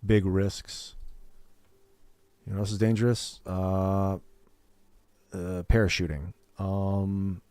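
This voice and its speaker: A man talking off the cuff on his gaming stream, his voice sitting on the lower side. He rambles candidly, curses freely and slips into little impressions of other people. The sound is dry and close, with no room around it. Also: little pitch movement, slow pace, pauses often, darkish tone, clear, resonant tone, no echo. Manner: candid, swears freely, acts out what others said. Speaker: streamer hosting a gaming show. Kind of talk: casual rambling chat.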